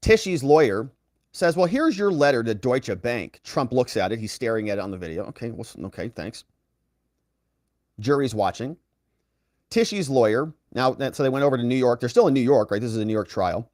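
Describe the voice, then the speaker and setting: A man working as a legal commentator, reading out courtroom testimony and lifting his voice for quoted lines, with quick asides to the viewer. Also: medium pitch, no echo, studio quality. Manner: reads quoted dialogue in a raised, lively voice.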